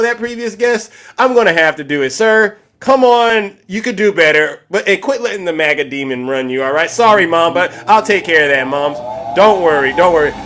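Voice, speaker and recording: Animated man hosting a call-in stream. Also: sits high. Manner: animated, repeats "all right" a lot. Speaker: live call-in show host. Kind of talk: live political call-in stream.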